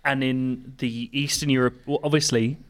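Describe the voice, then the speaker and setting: A man's voice: medium pitch, normal speed. Laughing man chatting. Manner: laughing, animated storytelling. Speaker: podcast co-host. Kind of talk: casual chat.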